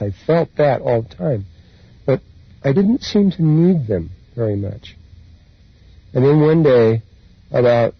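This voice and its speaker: A husky-voiced man recounts his spiritual experiences in an unhurried, wandering way. The sound is dry and close, with a dull, lo-fi quality. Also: medium pitch, no echo. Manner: unhurried, meandering, with soft laughs. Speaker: spiritual teacher. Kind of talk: reflective personal storytelling talk. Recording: dull lo-fi recording.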